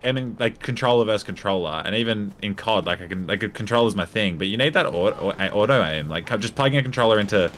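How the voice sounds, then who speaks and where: A man with a very low voice speaks as a podcast guest in a loose, laid-back way, swearing casually. A faint hiss runs under the recording. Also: lively intonation, quick pace, few pauses, a bit bright. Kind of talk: casual chat.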